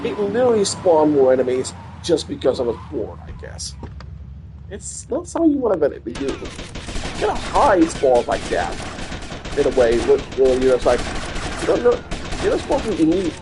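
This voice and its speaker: A man giving casual gameplay commentary as a let's play gamer, ranting and swearing in exasperation. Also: fairly high pitch. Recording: game gunfire and noise behind voice.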